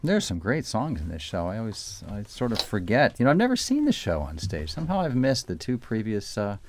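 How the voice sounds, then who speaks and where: A man hosting a live local radio show, chatting easily with guests and reading announcements in a relaxed way. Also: lowish voice, a little fast, slight background noise. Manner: relaxed, chatty, easy laughs. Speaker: radio host. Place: radio studio. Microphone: studio microphone.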